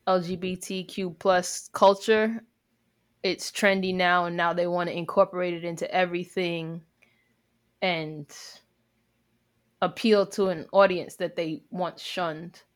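A woman's voice: fairly low pitch, steady tone. A woman co-hosting a casual chat, speaking frankly and reflectively. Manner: frank, reflective, quick to agree.

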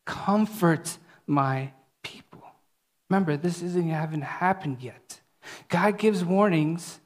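Conversational preacher with a hushed scripture voice. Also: mid-range voice. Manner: conversational, often asks "right?"; drops to a soft, hushed voice when reading scripture. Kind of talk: conversational sermon.

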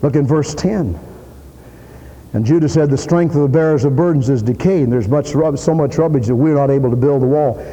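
A man preaching a sermon in a church, emphatic, repeating his points and rising to loud peaks. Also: medium pitch, fairly quick. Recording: long reverb of a hall.

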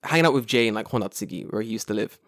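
A man's voice: on the low side, racing, dry recording, clean studio sound. A man in his late twenties, co-hosting a casual podcast chat, telling stories with lots of swearing and acted-out quotes. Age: 20s. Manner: animated storyteller, swears freely, acts out quotes. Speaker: podcast co-host.

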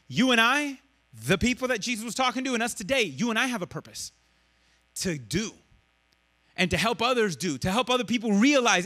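A man preaching a sermon, asking the congregation questions and dropping to a hush to stress a point. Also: high voice. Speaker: pastor.

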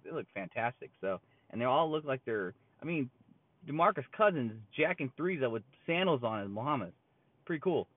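A man ranting casually about basketball in a blunt, rambling way, full of fillers and restarts. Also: medium pitch. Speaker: sports commentator. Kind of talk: casual sports opinion rant. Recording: tinny phone-like sound, dry.

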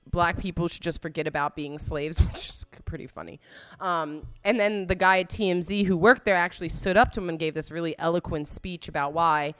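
A woman's voice: on the low side, a bit bright, clean tone. A woman giving casual, blunt and profane commentary, laughing often as she reacts to a video.

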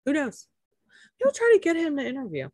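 A woman's voice: high-pitched, wildly swooping pitch, brisk, darkish tone, no room sound. Chatty laughing woman, dry sound. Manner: chatty, laughs often, many fillers. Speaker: podcast co-host. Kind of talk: casual chat recapping a reality show.

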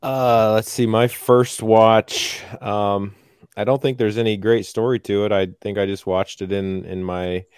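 A man's voice: on the low side, steady tone, unhurried, a little mellow, clear, resonant tone, no room sound, studio quality. A man co-hosting a podcast, talking in a rambling, hesitant way with plenty of fillers. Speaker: podcast co-host. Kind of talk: casual podcast chat.

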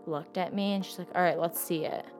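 A woman's voice: lowish voice, steady tone, fairly quick, darkish tone, soft background music. A young woman telling a personal story in casual talk, rambling and saying "like" constantly. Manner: says "like" constantly, rambling and emotional. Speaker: interviewee telling her story.

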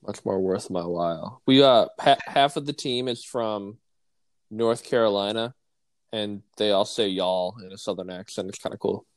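A man from the Midwest co-hosting a podcast in casual chat, relaxed and rambling with lots of "like". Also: lowish voice, normal speed, no room sound. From American Midwest. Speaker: podcast co-host.

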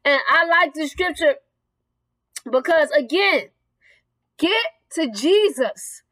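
A woman's voice: high-pitched, animated, takes it slowly, fairly bright tone, no echo. A woman preaching a sermon in an earnest, direct way, reading scripture and speaking straight to singles.

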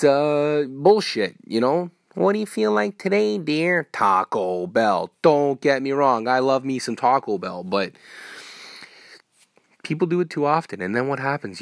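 A man hosting a solo podcast, ranting in a profane, rambling way with sudden loud outbursts. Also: medium pitch, no echo, studio quality. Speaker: podcast host.

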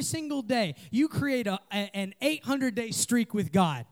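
Passionate high-voiced youth pastor. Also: male voice, animated, measured pace. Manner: passionate, rising to near-shouts with call-and-response. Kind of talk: lively youth sermon. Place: meeting room in a trailer.

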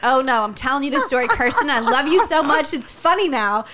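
A woman's voice: sits high, big pitch swings, a little fast, heavy background noise. A young woman co-hosting a podcast, telling a story in casual, rambling chat with frequent laughs. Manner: chatty, rambling, laughs often. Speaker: podcast co-host.

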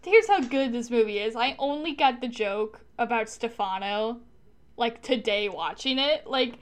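A woman's voice: a little high, a little slow. A woman co-hosting a casual movie chat, enthusiastic and rambling as she tells stories. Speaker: podcast co-host.

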